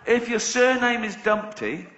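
A man's voice: high-pitched, lively intonation, measured pace, noisy background. A middle-aged man from England doing a stand-up comedy routine, conversational and swearing freely, often laughing at his own jokes. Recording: echoey dull live venue recording.

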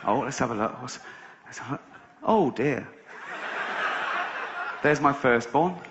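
A man's voice: mid-range voice, lively intonation, unhurried. A man doing a prim, middle-aged mother thinking aloud in a mock-genteel tone. She sounds dryly calculating. The recording is echoey and muffled, with noise behind. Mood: musing. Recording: echoey dull live venue recording.

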